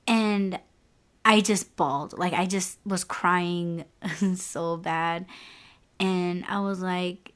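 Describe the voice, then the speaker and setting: A young woman hosts her own podcast and talks through a personal story in casual, unfiltered chat. Her voice sits a little low for a woman and comes across smooth and clear. She is frank and candid, leaning on "like" and "you know" as she goes. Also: steady tone, measured pace, fairly bright tone. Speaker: podcast host.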